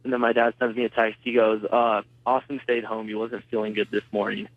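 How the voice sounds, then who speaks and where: A man's voice: lowish voice, little pitch movement, brisk, no echo. Teenage boy on a tinny phone line. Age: teens. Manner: hesitant, retelling events with many fillers. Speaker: student interviewee. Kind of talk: phone interview.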